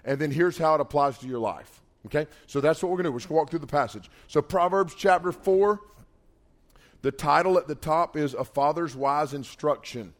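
A man's voice: a little high, fairly quick. A man in his forties preaching to young people in a casual, emphatic way. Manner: casual, emphatic, builds to loud urging. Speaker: pastor.

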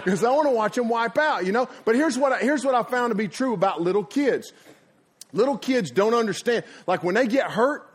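Lively high-voiced preacher. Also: male voice, fairly quick, slightly rough. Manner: folksy, animated, laughs at his own stories, acts out sounds. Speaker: pastor. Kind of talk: energetic sermon storytelling. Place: church before a congregation.

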